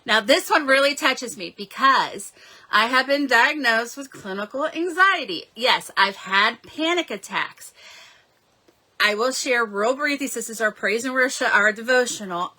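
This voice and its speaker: A woman's voice: fairly high pitch, moderate pace, sharp tone. A woman in her forties, hosting a live-stream devotional and telling a personal story in an earnest, heartfelt way, recorded at home. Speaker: devotional host.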